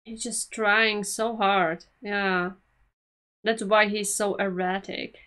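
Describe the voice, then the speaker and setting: A woman's voice: mid-range voice, little pitch movement, takes it slowly, a bit bright. A woman hosting an anime reaction, talking casually and emotionally to the screen and laughing often.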